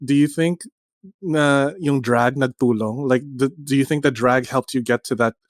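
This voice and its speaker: A man's voice: mid-range voice, steady tone, moderate pace, no echo, clean studio sound. A man hosting an interview, teasing his guest and slipping between English and Tagalog. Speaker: host. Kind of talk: casual interview.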